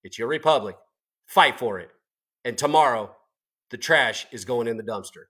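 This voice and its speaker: A man's voice: medium pitch, moderate pace, fairly bright tone, husky. A man hosting a political talk show, delivering a fired-up, profane, combative rant with heavy emphasis.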